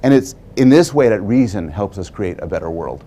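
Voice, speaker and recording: A man's voice: lowish voice, expressive, brisk, very noisy. A man giving a prepared public lecture, telling stories wryly and posing rhetorical questions.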